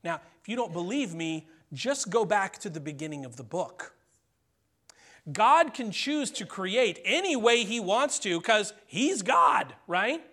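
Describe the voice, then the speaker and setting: A middle-aged man delivers a sermon in a high voice. His preaching is conversational, and he keeps checking in with the congregation. He slows down and drops to near-whispers for key phrases. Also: very animated. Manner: conversational preaching, frequent "okay?" check-ins, dramatic pauses and soft drops. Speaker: pastor.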